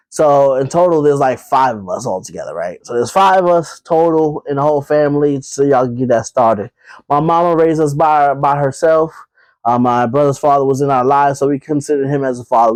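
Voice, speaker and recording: In a poorly recorded solo podcast with no echo, a man from Brooklyn, New York speaks casually to his listeners, calling them y'all and leaning heavily on fillers and repeated phrases. He has a medium-pitched voice with a darkish tone.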